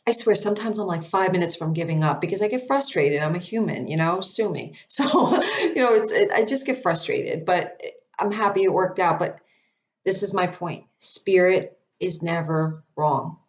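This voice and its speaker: Woman, lowish voice, chatty storyteller to camera, dry throat, lots of fillers. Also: moderate pace. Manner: chatty, animated, many fillers and restarts. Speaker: psychic medium.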